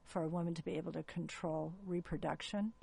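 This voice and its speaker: A woman gynecologist speaks as an interview guest, explaining in an earnest way. Her voice is low and very gravelly, with a husky edge. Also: steady tone, brisk, a little mellow.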